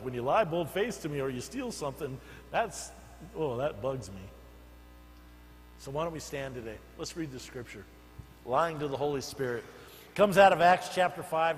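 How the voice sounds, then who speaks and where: An older man, a senior pastor, preaching a sermon, telling stories and swinging between soft asides and loud emphatic bursts. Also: on the high side, animated, normal speed, in a large hall, rough recording. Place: church sanctuary.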